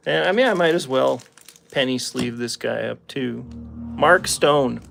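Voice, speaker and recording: Opening trading card packs on camera, this laid-back Calgary man speaks Albertan Canadian English in a medium-pitched, gravelly, slightly bright voice that's expressive and slow. He laughs frequently and talks to his chat viewers while faint music plays in the background.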